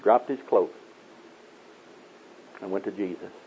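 A man's voice: a little slow, a little hiss or hum. A man preaching a sermon in a folksy storytelling way, acting out the people in his stories. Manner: folksy storytelling, acting out voices in raised pitch. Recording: tinny phone-like old tape.

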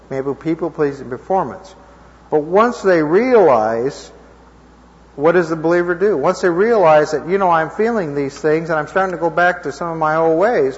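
A man giving an informal Bible teaching to a live group, conversational and checking in with his listeners, his voice a little hoarse. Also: a little high. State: slightly hoarse. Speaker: preacher teaching a class. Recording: dull lo-fi recording in a reverberant hall.

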